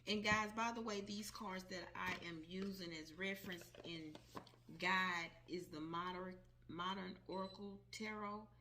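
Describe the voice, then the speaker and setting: A woman's voice: mid-range voice, steady tone, measured pace, pushed and bright, a little hiss or hum. A woman talking casually to her viewers, reviewing a deck of cards she bought and repeating her points with emphasis. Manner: emphatic, repeats herself, addresses viewers as guys. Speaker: tarot vlogger. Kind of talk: casual product review to camera.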